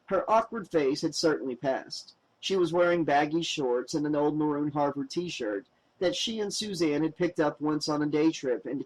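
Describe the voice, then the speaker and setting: A man reading a novel aloud as an audiobook narrator, with expressive, wry storytelling. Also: on the high side, low-quality recording.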